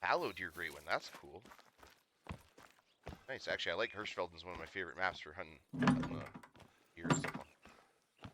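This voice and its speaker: A man's voice: low voice, moderate pace, long pauses, heavy background noise. A Canadian man streaming a hunting game, chatting casually, swearing and laughing often. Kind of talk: casual gaming stream chat.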